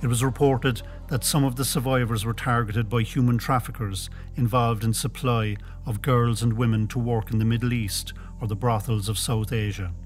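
A man presenting a radio documentary in calm, measured scripted narration. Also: medium pitch, soft background music.

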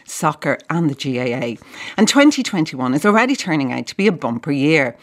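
An Irish woman hosts a radio interview in a low voice. Her pitch moves about a great deal as she speaks. She sounds engaged with her guest. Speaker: radio host.

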